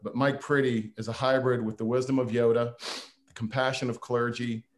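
A man giving a humorous, folksy farewell speech to a board, self-deprecating and prone to restarts. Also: medium pitch.

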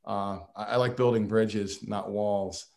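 Low-voiced man giving a folksy farewell speech. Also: fairly even intonation, measured pace, vocal fry, a little mellow. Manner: folksy, self-deprecating, frequent restarts. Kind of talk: humorous speech.

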